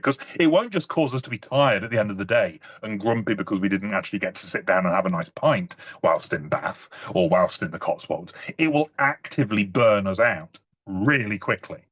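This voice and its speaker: A man's voice: lowish voice, fairly bright tone, highs cut off. A British man in his thirties giving a casual talk, telling personal stories in a chatty way with many restarts. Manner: chatty, frequent "you know", stumbling restarts.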